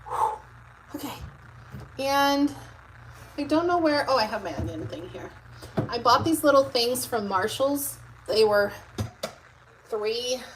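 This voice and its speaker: Her fairly high voice comes through a distant microphone as she streams live from her home kitchen. The homemaking host talks loosely with her audience and reads out their comments, while loud background noise fills the room.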